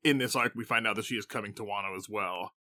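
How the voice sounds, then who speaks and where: A man's voice: fairly low pitch, steady tone, fast talker, bright, forceful tone. A man co-hosting a casual chat, making short, dry remarks. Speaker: podcast co-host.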